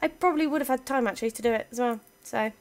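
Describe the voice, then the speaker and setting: A woman's voice: fairly high pitch, very fast. Chatty woman narrating her game. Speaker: let's play gamer. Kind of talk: casual gameplay commentary.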